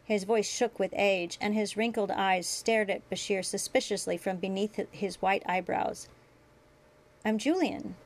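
A woman reading her fan fiction aloud in a steady narrating manner. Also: medium pitch, normal speed, few pauses. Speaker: story reader.

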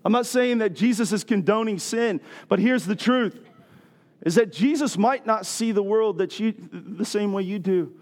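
A middle-aged man preaching a sermon as pastor, animated and building to loud rhetorical questions. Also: sits high, normal speed.

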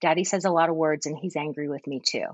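A woman reading aloud as a confused, jealous three-year-old older sibling, in a plain, gentle storytelling voice. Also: low-pitched, steady tone, fast, no echo, dull audio.

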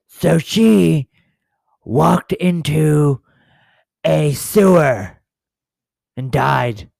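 This is a grim male vigilante superhero, voiced by a man with a hoarse, gravelly voice. He talks slowly and deadpan, with halting pauses, in a dry close room. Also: medium pitch, no room sound, heavily acted. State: losing his voice. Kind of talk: improvised comedy sketch.

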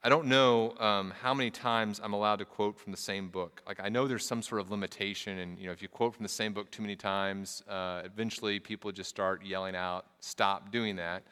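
Bright, clear-voiced man preaching in a hall. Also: fairly low pitch, fairly even intonation, a little fast, few pauses. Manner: earnest preaching, reads scripture aloud, casual asides. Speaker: pastor. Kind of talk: sermon.

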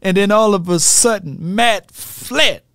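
A man's voice: high voice, unhurried, creaky, fairly bright tone, clear, resonant tone, no room sound, studio quality. A man ranting animatedly about football as a fan commentator, laughing at himself.

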